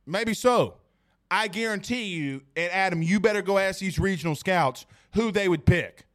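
A man's voice: high voice, normal speed. A man hosting a sports podcast, talking casually and with animation, joking and addressing his listeners directly. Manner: animated, jokey, talks straight to listeners.

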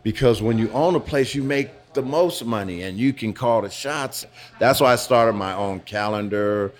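A middle-aged man being interviewed in a pizza restaurant, telling his own story frankly with halting restarts. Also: medium pitch. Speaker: interviewee, former dancer turned business owner. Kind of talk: candid personal storytelling.

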